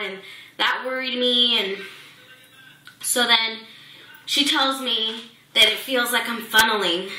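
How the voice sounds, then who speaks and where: Bright-voiced young woman in an echoey room. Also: on the high side, a little hiss or hum. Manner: emotional retelling, many fillers and restarts. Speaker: vlogger. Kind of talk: personal pregnancy update.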